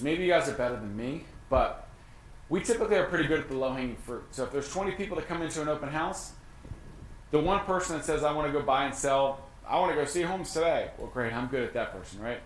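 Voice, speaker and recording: A man giving an energetic, conversational information session, often acting out short exchanges with clients. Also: on the high side. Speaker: real estate brokerage leader. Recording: echoey room with faint noise.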